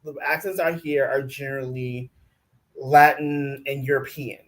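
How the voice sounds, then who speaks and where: A man's voice: medium pitch, steady tone, a little slow. A man co-hosting a casual recap podcast, talking loosely and leaning on filler words. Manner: loose, conversational, heavy on fillers like "like". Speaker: podcast co-host.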